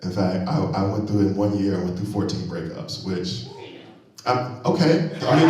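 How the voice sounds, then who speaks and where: A man doing a stand-up comedy set on stage, animated and loud on punchlines, laughing at his own jokes. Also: medium pitch, a little slow, crowd noise. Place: comedy venue stage, live audience. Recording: very echoey hall, mic from far off.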